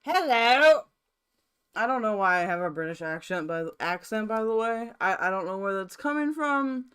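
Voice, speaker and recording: A woman's voice: mid-range voice, a little fast, fairly bright tone, clear, resonant tone. A woman live streaming from her own room, chatting casually to her viewers in a rambling, mildly profane way.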